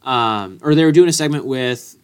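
A man's voice: mid-range voice, normal speed, clean tone. A young man co-hosting a casual sports podcast, joking and easily fired up. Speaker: podcast co-host.

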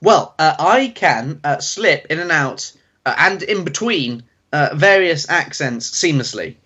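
A man's voice: a little high, expressive, unhurried, pushed and bright, slightly rough, lo-fi sound, heavily acted. A man playing a bumbling male gardener contestant who stammers and hesitates. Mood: nervous. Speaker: podcast co-host. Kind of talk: improvised comedy sketch.

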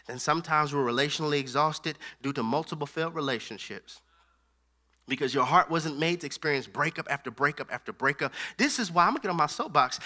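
A man preaching a sermon as pastor in a casual, slangy style, swinging from loud shouts to a hushed, low near-whisper.

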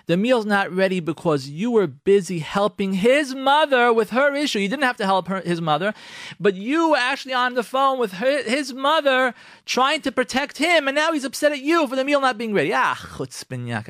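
A man hosts a radio talk show, giving marriage advice emphatically and repetitively, with animated acted-out quotes. His voice sits high and he speaks briskly. The sound is clean studio audio with no room sound.

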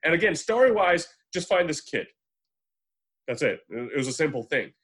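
A man in casual conversation about films, rambling and swearing freely, slipping into quick voices to retell scenes. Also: fairly high pitch, sing-song, a bit bright, slightly rough. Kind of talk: casual movie chat.

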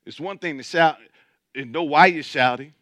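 A man's voice: on the high side, normal speed, fairly bright tone, no echo. A man preaching as pastor, building intensity, with mocking asides about churchgoers. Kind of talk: sermon.

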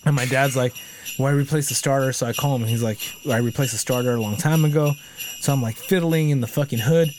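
Man, casual profane storyteller, animated, plays all the parts himself; noisy track. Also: medium pitch, quick pace. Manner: animated, swears constantly, acts out quoted people. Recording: noisy background hiss.

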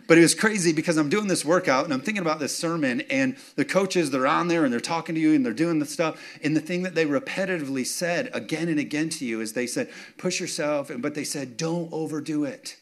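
A man's voice: a little high, fast, few pauses. A man preaching a sermon in a casual, story-driven way, repeating key phrases and asking the congregation for amens. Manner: conversational, repeats phrases for emphasis, asks for amens. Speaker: pastor. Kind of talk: sermon with personal stories.

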